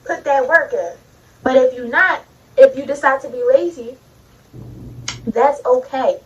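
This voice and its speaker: High-voiced woman preaching casually from afar. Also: a little slow. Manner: casual, preachy, calls out to viewers. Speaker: vlogger. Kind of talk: motivational talk to camera. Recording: distant, dull lo-fi sound.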